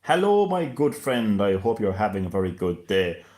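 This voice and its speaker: A man's voice: on the low side, very animated, normal speed, a little mellow. A man hosting a gaming live stream in casual chat, hesitant and stammering, with frequent laughs.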